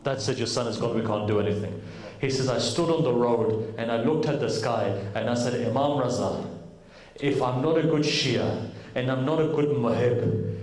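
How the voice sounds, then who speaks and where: Animated man preaching, echoey hall. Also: medium pitch, normal speed. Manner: animated storyteller acting out dialogue. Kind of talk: sermon storytelling. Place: mosque hall.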